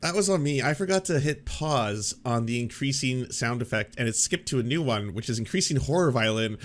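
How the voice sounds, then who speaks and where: Man, co-host, goofy rambling chat, mid pitch, lively intonation. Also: brisk. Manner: goofy, rambling, self-interrupting. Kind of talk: casual commentary chat.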